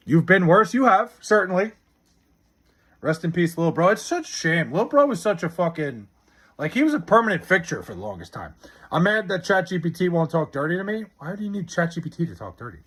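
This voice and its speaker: A man's voice: high-pitched, fairly bright tone, slightly rough. A man casually chatting on a live stream, reading chat messages and answering with profane, sarcastic banter.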